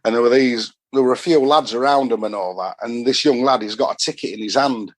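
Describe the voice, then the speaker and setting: A man's voice: mid-range voice, fast talker. A middle-aged man from Doncaster with a Yorkshire accent, chatting as a podcast guest and telling long rambling stories full of northern dialect. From Doncaster, Yorkshire, England. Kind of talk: casual storytelling.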